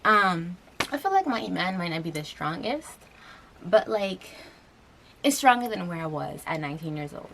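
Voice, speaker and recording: A woman's voice: lowish voice, sing-song, normal speed, creaky. A young woman in her twenties talking to camera in a personal vlog, earnest and rambling, with lots of fillers and restarts, tearful as she speaks. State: tearful, getting emotional. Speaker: vlogger. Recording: faint background noise.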